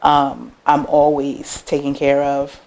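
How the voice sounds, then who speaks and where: A young American woman, a business owner, chatting casually in an interview and telling lively personal stories, acting out the voices of people she quotes. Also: slow pace. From United States. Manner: animated, acts out quoted voices with big pitch jumps.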